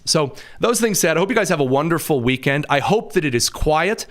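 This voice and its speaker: A man from the American Midwest hosting a podcast, talking in a casual, animated commentary style with sarcastic asides and frequent fillers. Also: on the high side, a little fast. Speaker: podcast host.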